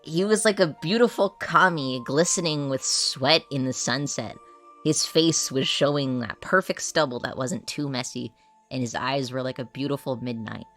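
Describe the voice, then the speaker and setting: A man playing an exasperated male warrior who reads a cheesy romance aloud and keeps protesting loudly. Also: mid-range voice, moderate pace, soft background music, natural voice. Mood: reading. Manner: grumbling, loud protesting outbursts. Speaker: player character. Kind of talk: in-character dramatized reading in a tabletop game.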